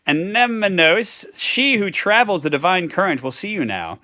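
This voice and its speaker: A man's voice: high voice, sing-song, moderate pace, pushed and bright, no room sound, clean studio sound, pitched above the performer's own voice, exaggerated voice. A man voicing a formal female sea-creature herald announcing an empress. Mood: ceremonial. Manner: grand, ceremonial announcing.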